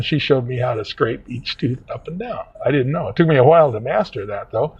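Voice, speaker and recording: Older guy just rambling on, lots of uhs, kinda raspy, dull recording. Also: medium pitch, lively intonation, a little mellow. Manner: meandering, halting with many fillers. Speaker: vlog host. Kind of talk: casual rambling storytelling.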